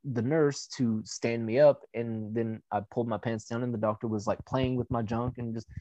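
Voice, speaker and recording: A young man telling a personal story in a casual, blunt way, swearing freely and filling pauses with "you know". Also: medium pitch, steady tone, mellow, no room sound. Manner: candid and profane, with frequent fillers.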